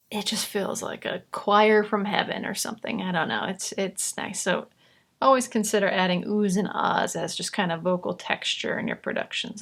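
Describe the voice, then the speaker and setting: A young woman explaining how she records and layers vocals, in a chatty, relaxed way with asides. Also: mid-range voice, creaky. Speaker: vocal producer teaching. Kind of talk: casual tutorial explanation.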